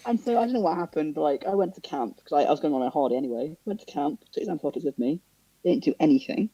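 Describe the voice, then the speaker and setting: A young Englishman tells a story to his podcast co-hosts and keeps breaking into the voices of the people in it, with sudden high jumps and laughter. His voice is mellow and a little husky. The sound is dry and dull. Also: rapid-fire, no room sound. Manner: animated, acts out dialogue with big pitch jumps and laughter. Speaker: podcast co-host. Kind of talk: casual storytelling.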